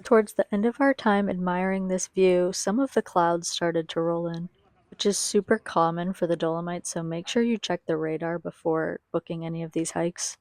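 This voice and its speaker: A young woman narrates her travel vlog in a chatty, eager voice-over. Her voice sits a little low for a woman, and she often turns to speak straight to the viewers. It is recorded close on the mic. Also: steady tone, moderate pace, a little mellow, no echo. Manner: chatty and enthusiastic, addresses viewers directly. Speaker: travel vlogger.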